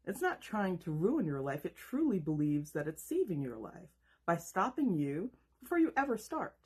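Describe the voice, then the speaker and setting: A woman in her thirties giving an emphatic, rhetorical self-help monologue with dramatic pauses. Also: fairly low pitch, big pitch swings, a little mellow, husky. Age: 30s. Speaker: self-help video host. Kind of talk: scripted motivational monologue.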